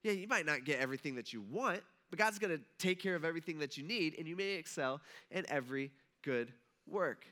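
A male pastor with a bright, forceful voice, sitting a little high for a man. He preaches in a relaxed, conversational way and slips into casual dialogue as he retells a story in the church auditorium. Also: brisk. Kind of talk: sermon.

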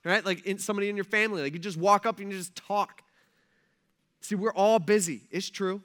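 A man's voice: sits high, fairly even intonation, a little fast, fairly bright tone. A man in his thirties, a pastor preaching a casual sermon in a church, joking and using slang. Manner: chatty and joking, slangy asides.

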